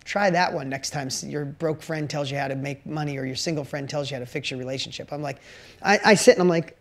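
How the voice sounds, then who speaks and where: A woman's voice: sits low, fast talker. A woman business coach giving a motivational talk to a course audience, speaking emphatically and straight to her listeners with lots of rhetorical questions.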